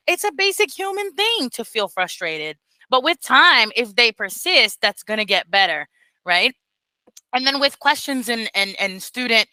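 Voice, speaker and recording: A woman mentoring beginner teachers in casual talk, expressive and blunt, swearing freely and acting out quotes, speaking over a video call. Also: a little high, smooth, no room sound, poor audio.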